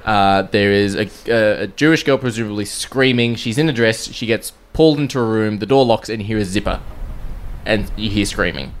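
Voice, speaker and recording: A man hosting a podcast, leading segments in a relaxed, joking way. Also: lowish voice, brisk. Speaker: podcast host. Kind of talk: casual chat.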